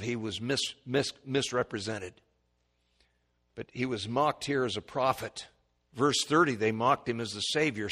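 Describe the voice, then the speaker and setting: A man preaching an expository sermon, reading scripture aloud and explaining it, his voice climbing high and loud when he quotes the mockers. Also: long reverb tail. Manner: rises sharply in pitch and volume when quoting mockers; reads scripture in King James wording with commentary.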